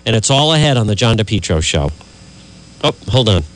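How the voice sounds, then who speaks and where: A man's voice: lowish voice, big pitch swings, fairly quick, fairly bright tone, low-quality recording. A male talk radio host ranting with indignant, emphatic energy at his listeners. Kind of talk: heated political talk radio.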